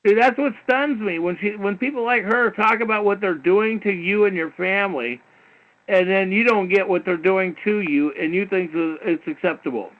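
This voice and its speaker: A man with a high voice hosts a call-in talk show through a dull, lo-fi internet radio stream. He lectures in a heated, rambling way, repeats himself and fills gaps with "you know" and the odd curse. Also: normal speed. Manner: repetitive, peppered with "you know", swearing.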